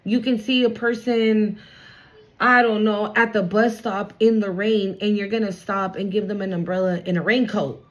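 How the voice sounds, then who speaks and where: A woman's voice: medium pitch, fairly even intonation, normal speed, dull audio. A woman giving a casual spiritual card reading to her viewers, chatty and blunt, swearing freely and reassuring them.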